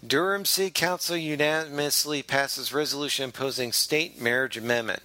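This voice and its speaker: A man's voice: medium pitch, normal speed, sharp tone, no echo, lightly acted. A man reading the news in a put-on North Carolina accent, stumbling over words as he goes. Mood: mock drawl. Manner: stumbling over words, then correcting himself.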